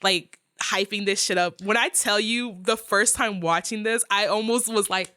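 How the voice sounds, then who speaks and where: Podcast guest, woman, mid-pitched, dry close sound, animated and loose-tongued. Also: moderate pace, smooth, no room sound. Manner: animated retelling, swears freely. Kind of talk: casual movie discussion.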